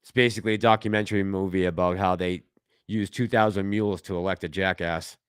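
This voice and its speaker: A man's voice: low-pitched, fairly even intonation, fast, smooth, no room sound, studio quality. A man hosting a casual livestream, reading viewer comments aloud and reacting to them in a chatty way. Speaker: livestream host reading chat.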